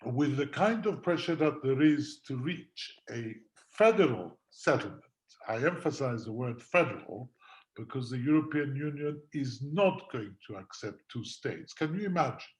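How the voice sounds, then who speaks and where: A man speaking as a guest lawyer on a webinar panel over a video call, measured and arguing point by point with frequent fillers. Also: medium pitch, expressive.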